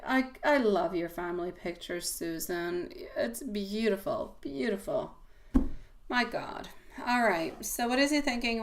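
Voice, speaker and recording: A woman with a mid-range voice hosts a live tarot stream, chatting casually with viewers she calls sweetie and my love. She swings from loud exclamations to soft asides.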